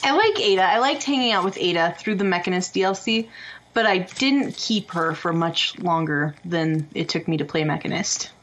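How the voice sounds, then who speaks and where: A woman's voice: on the low side, moderate pace, fairly bright tone, poor audio. A woman co-hosting a podcast in casual chat, laughing often and reading out comments from the chat. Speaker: podcast co-host.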